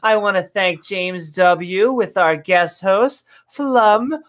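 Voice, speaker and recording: A woman's voice: mid-range voice, takes it slowly. A woman hosting a livestream who wraps up the show in an upbeat, jokey way. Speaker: livestream host. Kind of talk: livestream sign-off.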